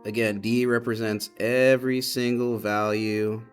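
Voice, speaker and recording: A man's voice: mid-range voice, flat delivery, a little slow, faint music behind. A man teaching math, patiently explaining and repeating key points to his students. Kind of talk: classroom lesson explanation.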